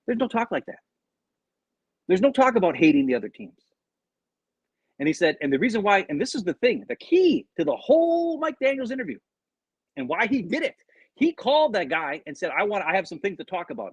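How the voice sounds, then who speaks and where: This co-host of a casual sports podcast has a slightly high, breathy voice, captured lo-fi with no echo. He tells an animated story packed with retold quotes, rambling restarts and swearing.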